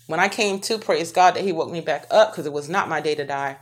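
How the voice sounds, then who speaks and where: A woman telling a painful personal story to her viewers, speaking haltingly with many restarts and pauses. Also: low-pitched. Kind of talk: personal testimony to camera.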